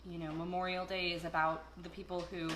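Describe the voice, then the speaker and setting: A cooking show host with a fairly low, level-toned voice speaks briskly, joking and telling stories as she cooks in a casual video. There's background noise throughout. The echoey kitchen, filmed by a camera across the room, rings with the clatter of dishes and cutlery.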